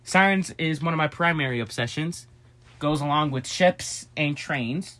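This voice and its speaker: A man chatting casually and excitably to his viewers, jumping from topic to topic with quick asides and jokes. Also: a little high. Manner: addresses viewers as "guys", quick asides and joking. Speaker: vlogger. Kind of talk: casual rambling vlog chat to viewers.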